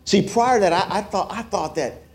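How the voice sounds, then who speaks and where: A man giving a sermon testimony, telling a story with acted-out quotes that rise to loud, emotional peaks. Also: high-pitched, normal speed, vocal fry. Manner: self-described introvert, plain conversational delivery. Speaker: preacher.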